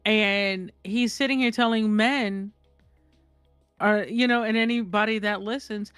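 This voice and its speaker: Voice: medium pitch, fairly even intonation, a little slow, a bit bright, smooth, no echo, soft background music. A speaker in a casual online voice chat who makes points emphatically and swears often. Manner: emphatic, profane. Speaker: voice chat participant. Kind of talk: casual discussion.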